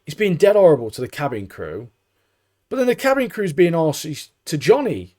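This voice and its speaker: Animated English man in casual chat. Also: on the high side, moderate pace. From England. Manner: animated, swears freely, laughs at own jokes, says "mate" a lot. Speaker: podcast co-host.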